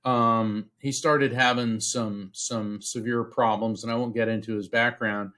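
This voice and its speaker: A middle-aged man from Central Florida, a podcast guest telling a personal story in an earnest, halting way, with restarts, acting out the voices he quotes. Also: medium pitch, fairly even intonation, a bit bright. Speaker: podcast guest, psychic medium. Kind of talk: storytelling in a casual interview.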